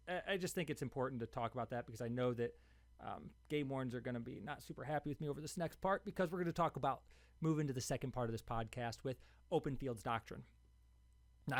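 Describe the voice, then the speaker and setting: A young man hosts his own podcast and tells the story in a loose, unscripted monologue. He gets heated and circles back, repeating words as he pushes his point. His voice sits at a middling pitch, and the recording is dry and close. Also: no room sound. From Ohio. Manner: heated, repetitive, restarts words when worked up. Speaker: podcast host.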